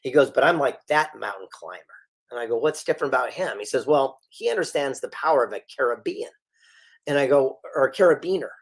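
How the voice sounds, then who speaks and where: Middle-aged male guest, animated storyteller, mid pitch, acts out his quotes. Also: a little fast, vocal fry, slightly rough. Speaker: guest author and speaker. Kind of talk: storytelling interview.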